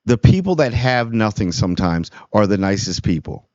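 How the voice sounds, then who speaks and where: A man's voice: fairly low pitch, animated, moderate pace, darkish tone, no room sound. A man talking earnestly in a casual monologue about kindness, rambling and restarting his sentences often. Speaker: small YouTube channel host. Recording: dull, dry lo-fi recording.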